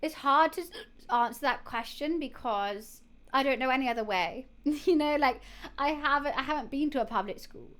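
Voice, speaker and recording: A woman's voice: high voice, normal speed, a bit bright. A young woman, streaming live and chatting casually to her viewers while she has the hiccups, rambling with lots of fillers and restarts.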